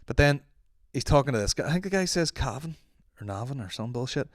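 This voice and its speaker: A man's voice: medium pitch, quick pace, no echo, studio quality. An Irish man hosting a solo podcast, joking and swearing, and slipping into mock accents. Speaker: podcast host.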